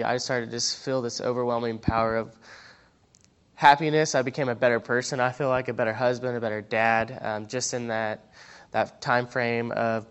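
Nervous man with a smooth voice. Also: medium pitch. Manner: halting, with many fillers and restarts. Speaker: church member giving a testimony. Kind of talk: personal testimony in church.

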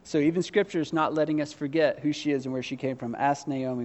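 A man's voice: on the high side, steady tone, fast, hardly any pauses, darkish tone. A man preaching a sermon, earnestly putting questions to his congregation with some self-deprecating humor. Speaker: pastor.

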